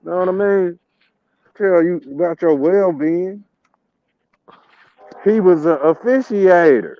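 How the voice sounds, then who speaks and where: A man's voice: high voice, slow pace, no echo. Rambling slangy man, dull lo-fi sound. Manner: loose, rambling street slang with laughs. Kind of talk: casual chat.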